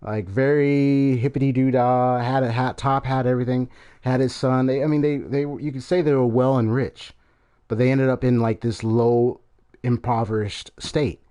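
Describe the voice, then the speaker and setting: A man's voice: medium pitch, steady tone, moderate pace, warm tone, clear, resonant tone, muffled recording. A man in a mid-range voice giving casual commentary on a game he is streaming. He rambles along, trailing off and restarting his sentences with plenty of fillers.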